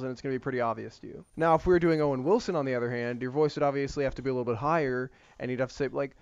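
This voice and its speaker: A man's voice: mid-range voice, racing, hardly any pauses, clear, resonant tone, dry recording. Rambling man over gameplay, muffled mic. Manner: rambling, filler-heavy. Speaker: gaming YouTuber. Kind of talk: casual commentary over gameplay.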